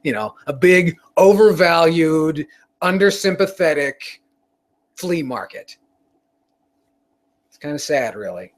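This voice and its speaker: High-voiced man ranting casually. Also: lively intonation, slow, pauses often. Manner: profane, rambling, with frequent restarts. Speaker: show host. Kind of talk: casual rant on a live stream.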